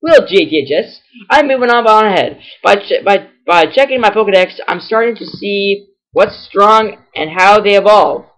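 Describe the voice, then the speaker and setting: A man's voice: high voice, animated, moderate pace, a bit bright, low-quality recording. A man reading out the lines of a cocky teenage boy rival trainer, breezy and boastful. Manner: reading game text aloud, breezy and boastful.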